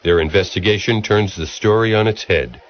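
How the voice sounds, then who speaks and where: Low male documentary narrator, measured and ironic, dull lo-fi track with faint music.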